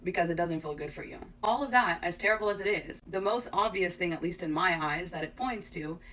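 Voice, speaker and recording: A woman's voice: lowish voice, fairly quick, a bit bright, a little hiss or hum. A woman giving a blunt, casual opinion with swearing, recorded from a distance. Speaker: TikTok creator. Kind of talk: opinion rant to camera.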